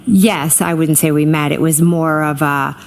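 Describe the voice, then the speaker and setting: A middle-aged woman testifying as a witness in court, hesitant and filling pauses with ums, answering briefly. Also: low-pitched, fairly even intonation, a little hiss or hum. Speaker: trial witness.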